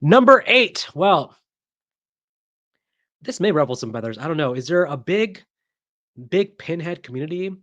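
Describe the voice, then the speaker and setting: A man's voice: a little high, big pitch swings, unhurried, long pauses, a bit bright, dry recording. A man hosting a casual vlog as a horror movie reviewer. He talks in a chatty, opinionated way, with frequent ums and restarts.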